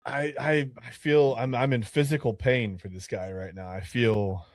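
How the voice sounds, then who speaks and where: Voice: mid-range voice, fairly even intonation, moderate pace, dry recording, clean studio sound. A co-host in a casual chat, cracking jokes and reacting with laughter. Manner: joking, reacting with laughs and quips.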